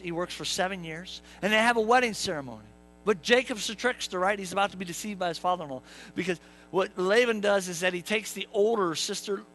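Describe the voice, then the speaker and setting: Youngish guy preaching, high voice, cracks jokes, talks to the crowd a lot. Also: fairly bright tone, rough recording. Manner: jokey storyteller, acts out characters, asks the congregation. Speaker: pastor. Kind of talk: humorous sermon. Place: church sanctuary.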